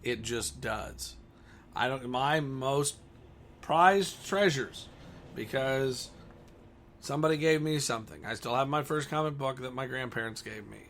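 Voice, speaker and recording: A man's voice: mid-range voice, measured pace, fairly bright tone, a little hiss or hum. A man who owns a comic store, talking bluntly and combatively in a ranting monologue.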